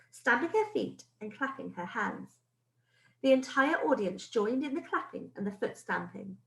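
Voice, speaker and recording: A woman teacher reading a storybook aloud to her pupils in a lively, expressive way. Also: a little high, reverberant, poor audio.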